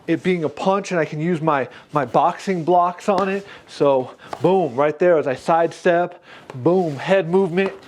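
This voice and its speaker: A man demonstrating a punching bag while training, energetic, calling out strikes, a little out of breath. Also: a little hiss or hum. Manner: energetic, punctuates moves with 'boom' and 'pop'. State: slightly out of breath. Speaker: fitness instructor. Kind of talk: product demo while training.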